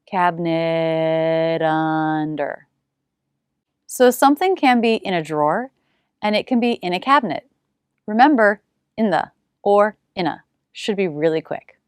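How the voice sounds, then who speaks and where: A woman teaching English pronunciation, saying single sounds and words slowly with exaggerated care. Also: medium pitch, very animated, dry recording, studio quality.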